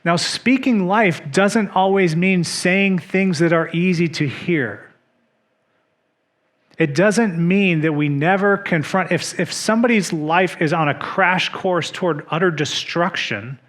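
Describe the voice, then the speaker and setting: A man preaching a sermon as pastor, measured and earnest, dropping to soft emphasis on key points. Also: on the high side. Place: church.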